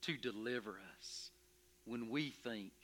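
A man playing Moses in a dramatic first-person sermon, telling his story with emphatic, expressive energy and stammering when anxious. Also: medium pitch, slow, slight background noise. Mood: earnest. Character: Moses, earnest, stubborn, curious shepherd. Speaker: preacher in character.

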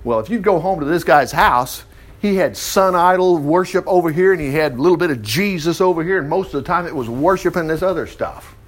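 A man preaching a sermon, retelling a Bible story with lively asides, laughter and acted-out voices for the characters. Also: fairly high pitch, fairly quick.

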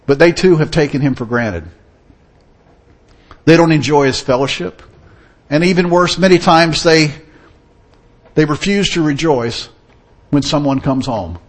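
A man's voice: on the high side, a little slow, long pauses. A man preaching a sermon in an earnest, storytelling manner. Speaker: pastor.

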